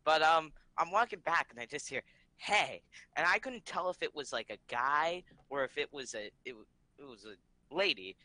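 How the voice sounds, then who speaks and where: A man's voice: on the high side, expressive, moderate pace, pushed and bright, low-quality recording. A man telling a rambling story on a live podcast, laughing between lines.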